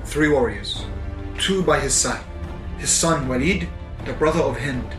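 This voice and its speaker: A man's voice: mid-range voice, lively intonation, a little slow, roomy sound, music in the background. A man preaching, telling a dramatic story with building intensity and acting out the voices of the people in it. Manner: vivid, building intensity, acts out quoted voices.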